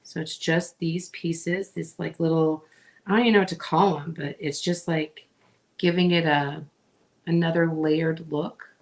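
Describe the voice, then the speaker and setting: In a casual crafting demonstration, a middle-aged female host chats to her viewers while she works, taking her time. Her fairly low, relaxed voice stays conversational, and she frequently drifts into little asides and filler words.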